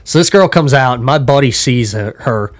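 A man telling crude stories in a casual podcast chat, talking fast and laughing often. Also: medium pitch, lively intonation. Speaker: podcast guest. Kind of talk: casual storytelling.

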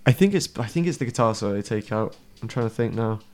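A man's voice: lowish voice, animated, fast, darkish tone. Chatty man, casual chat. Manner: chatty, laughing, swearing. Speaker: podcast co-host.

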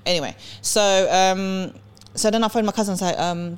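A woman telling an emotional personal story on a podcast, halting and restarting often as she reports what others said. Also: lowish voice, clean tone. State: close to tears. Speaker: podcast guest.

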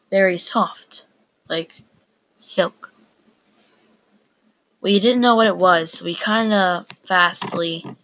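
A woman reading a personal story aloud in a plain, unhurried way with small stumbles. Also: lowish voice, fairly bright tone.

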